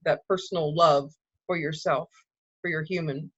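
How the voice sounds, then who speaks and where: A woman's voice: low voice, steady tone, normal speed, husky, no room sound, highs cut off. Reassuring woman explaining spiritual growth. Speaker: spiritual co-host. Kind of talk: casual spiritual chat.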